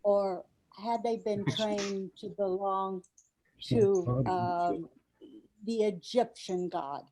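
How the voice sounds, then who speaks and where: Woman, study group participant, slow, soft, tentative, group voices behind. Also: medium pitch, a crowd in the background, rough recording.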